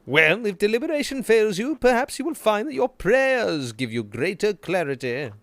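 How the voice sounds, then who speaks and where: A man's voice: high-pitched, sing-song, moderate pace, a bit bright, voice pushed up, full character voice. A man voicing a pious, earnest village priest while reading game dialogue aloud.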